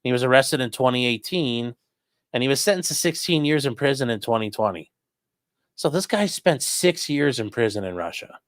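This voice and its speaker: A man talks through a casual livestream in a middle-pitched voice, blunt and profane, rambling with plenty of ums and restarts. The sound is dry and close. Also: animated, normal speed, dry recording. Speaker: livestream host reading chat.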